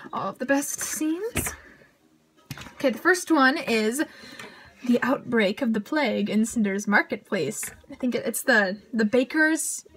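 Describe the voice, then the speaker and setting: Young female book vlogger, high bright voice, giggly and gushing, faint background noise. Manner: bubbly, gushing, quick asides and giggles. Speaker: book reviewer. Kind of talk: casual book review vlog.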